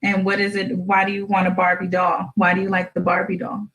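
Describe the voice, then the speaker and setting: A woman hosting a radio show, chatting gently and playfully with her young daughter and teasing her with questions. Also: medium pitch, completely flat delivery, brisk, poor audio.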